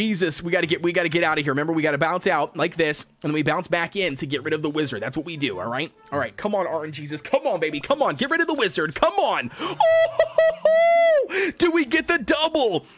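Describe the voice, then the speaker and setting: A man livestreaming a game in a high, bouncy voice that leaps all over the place. He is excitable and hyped, cheering at the screen and hyping up his chat. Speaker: gaming livestreamer. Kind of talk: live gameplay commentary.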